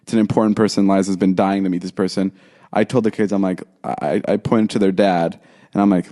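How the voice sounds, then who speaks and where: A young man co-hosting a podcast, telling a story in casual chat, acting out quotes in a higher voice with lots of fillers and restarts. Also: fairly even intonation, a little fast, mellow. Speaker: podcast co-host.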